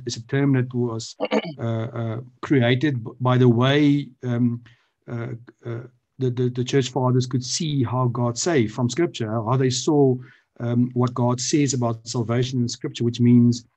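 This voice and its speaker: A man's voice: mid-range voice, dark tone. A man on a church panel explaining theology off the cuff, with frequent fillers and restarts. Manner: hesitant, many restarts and fillers. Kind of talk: unscripted teaching explanation.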